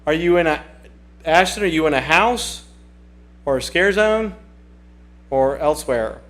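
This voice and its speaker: A man's voice: fairly high pitch, animated, measured pace, a bit bright. A man hosting a casual livestream, chatting and reading viewer comments aloud in a rambling way that often repeats itself. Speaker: livestream host.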